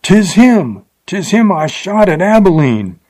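A man's voice: medium pitch, expressive, measured pace, darkish tone. A man voicing a fierce, boastful frontier gunman who talks in a blustering, derisive way. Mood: shrieking. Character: Wild Bill, fierce boastful male gunman.

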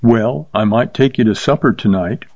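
A man's voice: medium pitch, normal speed, darkish tone, dry recording, dull audio, natural voice. A man voicing a meek young rodeo cowboy who speaks apologetically and pleads, in a read-aloud story. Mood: apologetic.

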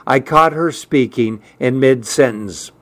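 A man reading a first-person story aloud, unhurried and even. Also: medium pitch, no room sound. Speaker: narrator.

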